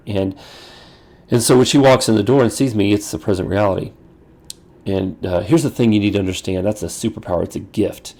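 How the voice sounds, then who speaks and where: Male pastor coaching ministers, dark gravelly tone, casual teaching delivery. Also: on the low side, a little fast. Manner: conversational, acts out quoted dialogue; restarts and repeats phrases.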